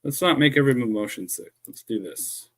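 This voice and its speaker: A man's voice: mid-range voice, animated, moderate pace, a bit bright. A man casually chatting on a live stream, muttering and joking sarcastically as he fixes his camera and microphone. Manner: dry sarcastic asides while fumbling with gear. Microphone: desk microphone he keeps adjusting.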